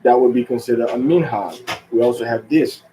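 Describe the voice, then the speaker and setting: A man teaching a religious lesson in an unhurried, halting way, with many fillers and restarts, drawing out the words he stresses. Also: mid-range voice, warm tone, slight background noise, poor audio. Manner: drawn-out stress on key words. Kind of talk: teaching talk.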